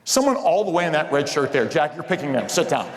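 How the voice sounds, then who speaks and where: A man's voice: fairly high pitch, very animated, fast. Man doing stand-up in a big hall. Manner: playful, jokey crowd work. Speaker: comedian. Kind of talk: live stand-up comedy. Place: hotel event hall with live audience. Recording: reverberant hall with crowd noise.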